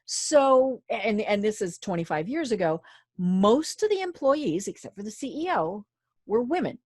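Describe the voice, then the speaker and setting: A woman host chatting and telling a personal story, animated and quick to laugh. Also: mid-range voice, breathy edge, dry recording, clean studio sound. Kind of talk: conversational storytelling.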